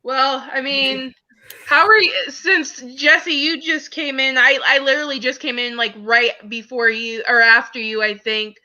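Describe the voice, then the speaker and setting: A woman's voice: high voice, steady tone, a little slow, pushed and bright. A woman on a discussion panel asking stumbling, casual questions. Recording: dull lo-fi sound.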